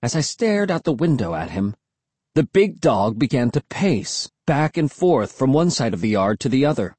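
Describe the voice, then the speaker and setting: A man narrating an audiobook in an expressive, suspenseful storytelling manner. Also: mid-range voice, normal speed, husky, dry recording. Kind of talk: scripted narration.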